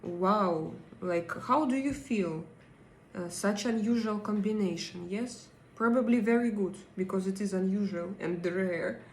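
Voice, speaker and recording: A woman's voice: mid-range voice, unhurried, reverberant, a little hiss or hum. A woman with a Russian accent, hosting a casual live stream, chatting with her viewers and reading their comments, with many fillers and hesitations. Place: home in Denmark.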